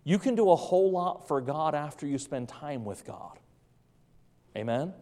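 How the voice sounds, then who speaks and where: Emphatic preacher in an echoing church. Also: male voice, fairly high pitch, expressive, normal speed. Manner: emphatic, repeats key phrases, drops to soft tones. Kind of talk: evening sermon. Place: church sanctuary. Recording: long reverb of a large room.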